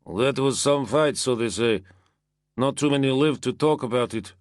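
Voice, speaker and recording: A man voicing a friendly Roman soldier who speaks in a flat drawl. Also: mid-range voice, normal speed, no room sound, clean studio sound, pitched above the performer's own voice, natural voice. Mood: impressed.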